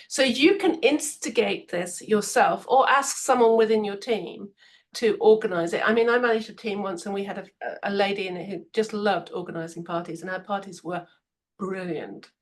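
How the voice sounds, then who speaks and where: Speaking at a moderate pace in a mid-range voice, a management expert guesting on a podcast shares advice through stories. She acts out people's quotes with lively energy and laughs frequently.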